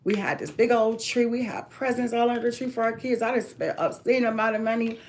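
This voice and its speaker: Brief: woman, slightly high voice, emphatic rambling storyteller, casual chat. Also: fairly even intonation, brisk, slight background noise. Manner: emphatic, tumbling run-on storytelling. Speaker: parent telling her story to viewers.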